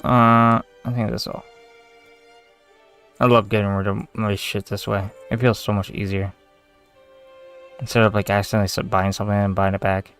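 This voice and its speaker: A man's voice: lowish voice, little pitch movement, moderate pace, pauses often, a bit bright, smooth, soft background music. A young man giving casual, swearing commentary as he plays a game, muttering to himself and getting easily aggravated. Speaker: gamer streamer.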